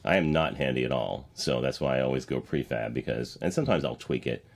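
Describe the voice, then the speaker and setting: Very deep-voiced joking podcast host man. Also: brisk, gravelly. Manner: friendly, joking, relaxed interviewer. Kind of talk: casual podcast interview.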